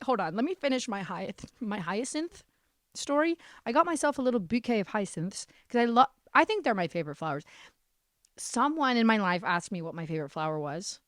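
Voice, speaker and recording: A woman's voice: mid-range voice, big pitch swings, fairly quick, sharp tone, no echo, clean studio sound. A young woman hosting her own podcast, talking alone in a sarcastic, self-deprecating way, swearing freely and sounding a bit stuffy from a cold. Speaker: podcast host. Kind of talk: casual solo podcast monologue.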